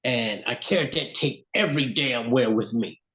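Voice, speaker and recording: Animated Southern man telling stories. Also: mid-range voice, normal speed, muffled recording. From Alabama, US. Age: middle-aged. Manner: animated storyteller, acts out voices in quotes. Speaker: recording artist, interview guest. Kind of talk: storytelling in casual interview.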